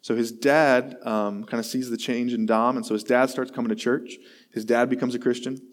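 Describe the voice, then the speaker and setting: A pastor with a mid-range voice preaches a sermon at a moderate pace, his intonation fairly even. He comes across as conversational and self-deprecating, telling a long story and acting out the voices of its characters.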